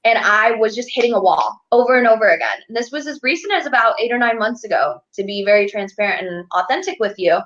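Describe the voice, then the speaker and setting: A woman's voice: on the high side, quick pace, few pauses, fairly bright tone. A woman speaking as a guest, a financial advocate and life coach, talking candidly and motivationally over a video call. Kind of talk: casual interview conversation. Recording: dull lo-fi video call audio.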